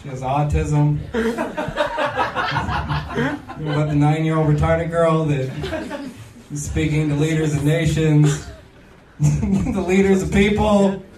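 A man performing a stand-up comedy set in a slow, deadpan manner, taped live in a club. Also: on the high side, roomy sound, recorded from a distance, noisy background.

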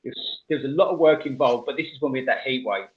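Male host, chatty and animated, laughs through his own anecdotes, muffled lo-fi sound. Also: mid-range voice, racing. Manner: animated storyteller, laughs often, restarts mid-sentence. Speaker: radio show host. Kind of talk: casual radio banter. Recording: muffled lo-fi audio.

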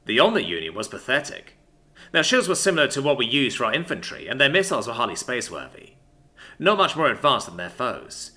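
Male narrator reading sci-fi audiobook, sardonic first-person delivery, very bright forceful tone. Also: mid-range voice, very animated, brisk. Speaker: story narrator.

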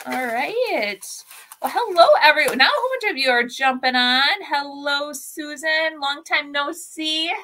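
A woman hosts a live crafting stream for her furniture-flipping channel, upbeat and chatty, greeting viewers by name and reading their comments aloud. Her high-pitched voice is animated and sharp, with a slow pace, and she rambles with many fillers and self-corrections. A little hiss or hum can be heard.

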